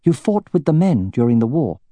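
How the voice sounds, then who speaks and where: A man's voice: mid-range voice, sing-song, a little fast, warm tone, no echo, pitched above the performer's own voice. Regal queen, as a male narrator voices her: formal, authoritative, dry close read. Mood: stern. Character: commanding queen, stern and regal.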